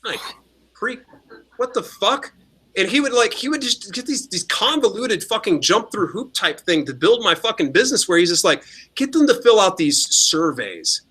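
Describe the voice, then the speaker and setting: A man's voice: high voice, lively intonation, moderate pace, bright, forceful tone, husky. A man co-hosting a casual podcast, telling stories animatedly with lots of swearing and mimicked quotes. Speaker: podcast co-host.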